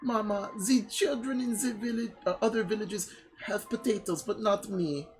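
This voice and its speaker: A woman voicing a scheming female game merchant, reading the dialogue slowly with an exaggerated, stereotyped French accent. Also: medium pitch, a little mellow, a little hiss or hum, voice pushed up, lightly acted, rough recording. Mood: dramatic. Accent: put-on stereotyped French. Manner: slow, drawn-out, hammy line reading.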